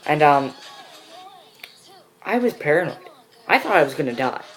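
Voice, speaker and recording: A man's voice: on the high side, sing-song, moderate pace, a bit bright, soft background music, low-quality recording. A teenage boy telling a personal story in a casual vlog, rambling with many fillers. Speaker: vlogger.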